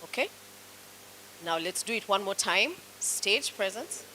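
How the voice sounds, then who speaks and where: A woman's voice: medium pitch, lively intonation, sharp tone, a little hiss or hum, low-quality recording. A woman with a Kenyan accent, teaching a public speaking class and coaching students through exercises in an encouraging way. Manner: slow, coaching, encouraging commands. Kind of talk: classroom instruction.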